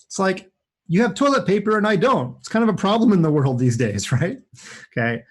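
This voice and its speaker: A man's voice: sits high, animated, fairly quick, husky. A man commentating his own chess games live for kids, chatty and upbeat, thinking aloud as he plays. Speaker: chess coach and streamer.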